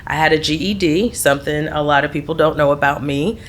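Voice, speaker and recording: A woman's voice: deep voice, fairly quick, a little hiss or hum. A middle-aged woman, a podcast guest, telling her life story in candid conversation and laughing easily. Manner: laughs readily, trails off and restarts.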